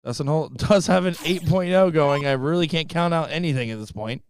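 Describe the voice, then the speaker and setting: A young man doing live darts commentary from a booth, fast-talking and jokey, laughing often. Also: on the high side, clear, resonant tone. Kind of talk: live sports commentary with banter.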